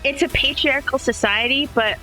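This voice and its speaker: A woman co-hosting a casual book discussion podcast, blunt and swearing, with filler pauses. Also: sits high, sharp tone, soft background music, poor audio. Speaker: podcast co-host.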